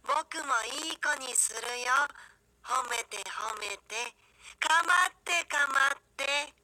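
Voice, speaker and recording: A woman's voice: high voice, a little slow, sharp tone, heavily acted, low-quality recording. A woman voicing bratty, clingy boy twins who whine and tease for attention, from game audio with music behind. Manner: whiny, teasing, demanding attention.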